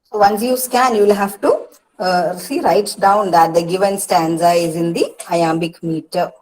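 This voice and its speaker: A woman with an Indian English accent giving a patient lecture to students, often pausing with "uh" and "see" and repeating key points. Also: fairly low pitch, darkish tone, low-quality recording. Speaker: English literature teacher. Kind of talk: online lecture on poetic meter.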